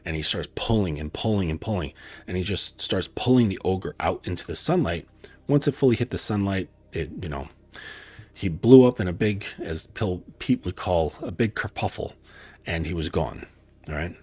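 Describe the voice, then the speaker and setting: A man's voice: deep voice, lively intonation, moderate pace, a little mellow, breathy edge, dry recording. A man coaching through a casual, rambling story, full of fillers and the odd curse. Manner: rambling, with frequent fillers and profanity. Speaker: dating coach.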